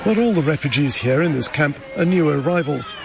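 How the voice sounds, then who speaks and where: A man delivering a measured, grave field report from a refugee camp outdoors. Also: on the high side, animated, vocal fry. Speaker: correspondent. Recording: crowd and street noise around.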